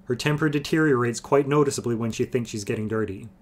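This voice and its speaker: A man's voice: mid-range voice, quick pace, lightly acted. Guy reading wry old wizard man, coaxing, bit raised voice. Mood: urging. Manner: urging, wry.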